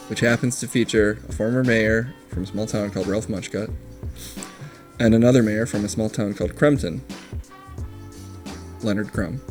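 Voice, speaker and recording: A man hosting a livestream, giving quick, sardonic comedic commentary. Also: lowish voice. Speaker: streamer host.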